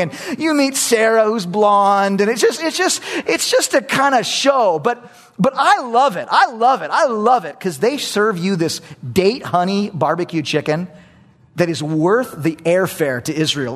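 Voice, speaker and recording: A man preaching a sermon, telling a story with animated energy and repeating phrases for emphasis. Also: high voice, normal speed.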